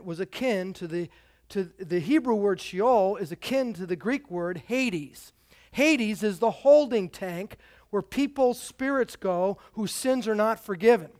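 Male pastor, high voice, conversational sermon style with emphatic peaks. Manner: emphatic, conversational preaching with swells of volume. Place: church sanctuary.

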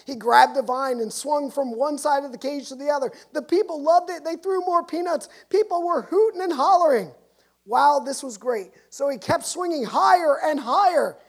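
A woman pastor giving a sermon, telling a story and shifting from hushed to lively. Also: sits high. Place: church.

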